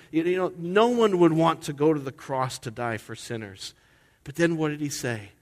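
A man's voice: fairly high pitch, moderate pace. A man preaching a sermon as head pastor during a worship service, talking conversationally and throwing in rhetorical questions and asides. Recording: long reverb of a large hall.

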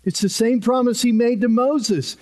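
A man's voice: extremely high pitch, moderate pace, darkish tone. A man preaching a sermon as a pastor, earnest and emphatic, repeating key phrases for weight.

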